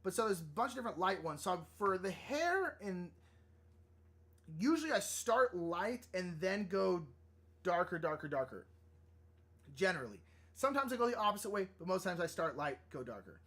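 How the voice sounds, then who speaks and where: A man hosting a live drawing stream, chatting casually and rambling, easily excited and flustered. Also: high-pitched, normal speed, breathy edge. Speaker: livestream artist host. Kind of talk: casual livestream chat while drawing.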